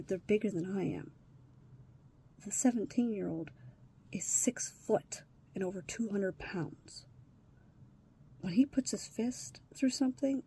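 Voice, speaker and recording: A woman's voice: medium pitch, mellow, slightly rough. A woman talking to her phone on a hard day, upset, sighing and swearing, often dropping to a whisper. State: distressed. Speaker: vlogger. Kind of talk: emotional personal vlog.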